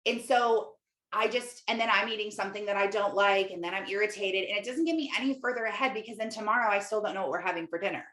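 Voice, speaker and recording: A young woman talks through her week in a loose, candid monologue, dropping "like" again and again as she coaches her listeners. Her voice sits at an ordinary middle pitch. The room around her rings with a noticeable echo. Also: quick pace, a bit bright. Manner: candid, chatty, full of "like" fillers. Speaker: Christian life coach and podcast host. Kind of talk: casual podcast monologue. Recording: echoey room.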